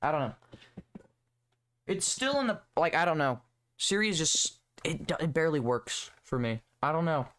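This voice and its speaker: A man's voice: fairly high pitch, animated, normal speed, fairly bright tone. A young man hosting a solo podcast, rambling and swearing in a sarcastic, casual rant. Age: young adult. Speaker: podcast host.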